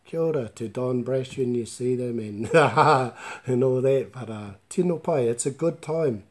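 Easygoing New man teaching Māori. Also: mid-range voice. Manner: mixes Māori words into relaxed chatty English; laughs easily and jokes with viewers. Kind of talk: live online language class.

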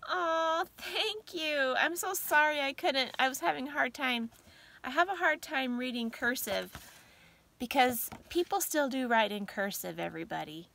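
A woman vlogger chatting casually, gushing and sentimental as she talks, sometimes reading aloud haltingly. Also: sits high, lively intonation, gravelly, sharp tone. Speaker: vlogger host. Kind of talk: casual vlog chat.

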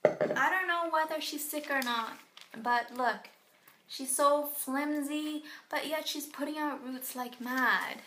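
Woman, young adult, from Canada, casual chat, unhurried, fairly high voice, slight background noise. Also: pushed and bright, roomy sound. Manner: chatty, self-mocking, filler-heavy. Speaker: plant vlogger. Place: home bathroom.

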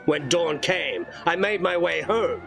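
Gravelly guy reading a creepy storybook out loud, a bit high, faint music behind. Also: a little slow, low-quality recording. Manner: dramatic first-person narration. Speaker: horror storybook reader. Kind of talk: reading a horror storybook aloud.

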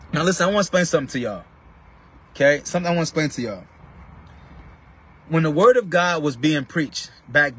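A man's voice: mid-range voice, fairly bright tone, slightly rough. A man preaching to his online viewers from inside a car, emphatic and calling out to them by name. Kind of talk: casual live-stream preaching.

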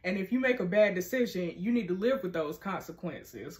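A woman, casually reading a story game's dialogue aloud and reacting with animated, laughing asides. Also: medium pitch, normal speed, hardly any pauses. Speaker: narrating and reacting to a story game.

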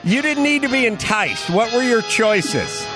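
A man's voice: very high voice, very animated, unhurried, over music. A man hosting a podcast, riffing sarcastically in casual banter with his co-hosts. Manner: sarcastic, rambling riffing rant. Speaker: podcast host.

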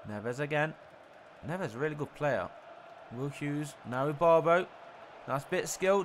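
Young guy doing play-by-play on his own footy game, kinda high voice, faint hiss behind. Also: normal speed. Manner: mock sports-commentator delivery, jumps up excitedly at goals. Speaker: gaming YouTuber.

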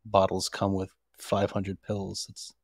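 A man with a low speaking voice joins the podcast as a guest co-host. His voice is dry and close to the mic. He talks things through in a calm, measured way and often says "you know". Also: gravelly, no echo. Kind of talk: casual reality-TV recap chat.

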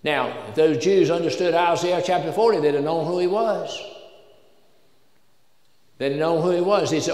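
A Southern American man preaches a sermon in a high voice, folksy and joking in his asides, rising to emphatic peaks. The sound rings with a long reverb, as in a roomy church hall. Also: normal speed. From Southern United States. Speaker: pastor. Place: church sanctuary.

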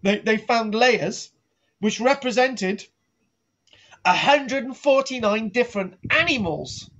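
A man's voice: extremely high pitch, animated, slow pace, a bit bright. A man giving a comic archaeology lecture, rambling and repeating himself, often asking "right?". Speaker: archaeology teacher. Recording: dull lo-fi sound.

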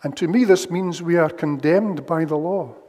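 A man's voice: on the high side, dark tone. Emphatic male preacher in a reverberant church. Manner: measured, emphatic, repeats key phrases. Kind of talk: sermon. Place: church livestream.

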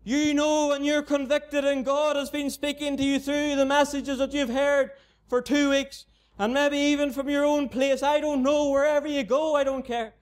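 High, flat-voiced Northern Irish preacher. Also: male voice, moderate pace. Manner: repetitive, earnest appeals to the unbeliever. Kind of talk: gospel sermon. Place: mission tent.

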